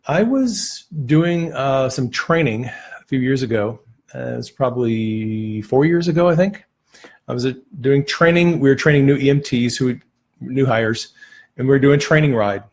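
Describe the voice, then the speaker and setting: Male teacher, mid-pitched, slightly husky, relaxed storyteller with filler pauses. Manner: relaxed storytelling with frequent "uh" and restarts. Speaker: Christian teacher on healing prayer. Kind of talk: teaching through personal stories.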